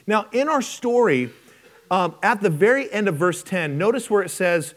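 A male pastor preaches a sermon with a high, expressive voice. He tells stories with animation. His pitch swings widely as he builds to each point. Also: fairly quick. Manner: storytelling, animated with impressions.

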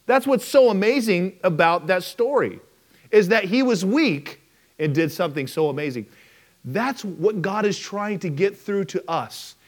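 A male pastor preaching a sermon, telling stories animatedly and acting out the people in them. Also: on the high side. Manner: storytelling, animated with impressions.

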